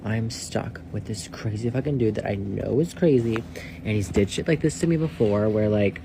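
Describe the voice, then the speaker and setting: A man telling a casual storytime, rambling and swearing, leaning on "like" and dropping into hushed asides. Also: on the low side, normal speed, creaky, noisy background. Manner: rambling, profane, heavy use of "like"; drops to a hushed whisper for asides.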